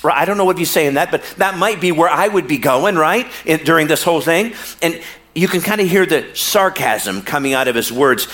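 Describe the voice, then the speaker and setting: A man preaching a sermon in a storytelling way, drawing out words for emphasis and slipping into casual slang with the congregation. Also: on the high side. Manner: animated storytelling with slow, drawn-out pauses for emphasis. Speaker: pastor.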